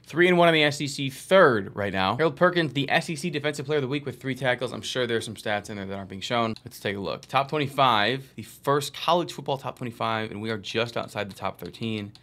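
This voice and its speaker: A man giving live commentary while playing a college football video game, muttering plays to himself and bursting into loud excited yells and swearing. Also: mid-range voice, brisk, few pauses. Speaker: gaming video creator.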